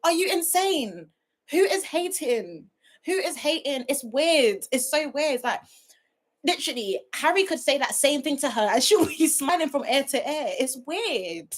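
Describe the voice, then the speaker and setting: Lively woman reviewing TV. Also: sits high, moderate pace. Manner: animated, often breaking into laughter, talking to viewers directly. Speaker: reality TV reviewer hosting a livestream. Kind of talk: casual chat.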